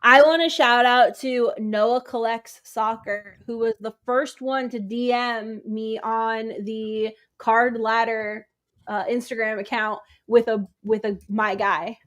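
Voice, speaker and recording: A woman's voice: a little high, steady tone, slow, fairly bright tone. A woman co-hosting a casual podcast, talking in a chatty way with lots of fillers. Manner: chatty, uses many fillers like "like" and "um". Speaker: podcast co-host. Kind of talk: casual chat.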